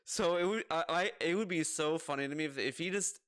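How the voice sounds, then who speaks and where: A man giving relaxed, joking commentary on a clip he is reacting to. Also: a little high, brisk, clean tone. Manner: laid-back, joking. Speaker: commentary youtuber.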